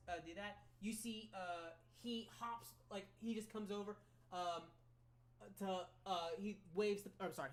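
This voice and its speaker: Halting woman game master. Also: medium pitch. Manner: halting, filler-heavy narration. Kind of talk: narrating a tabletop game.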